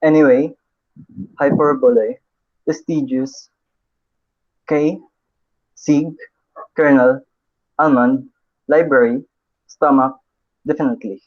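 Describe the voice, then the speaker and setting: A man's voice: medium pitch, fairly even intonation, lo-fi sound. A young man with a Filipino accent, a student reading a list of words aloud carefully. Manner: reads a word list slowly and carefully.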